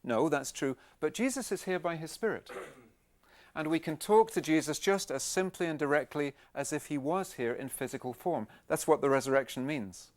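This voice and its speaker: A man giving a Christian teaching talk at a camp, speaking plainly and conversationally, gently persuasive. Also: on the high side, moderate pace.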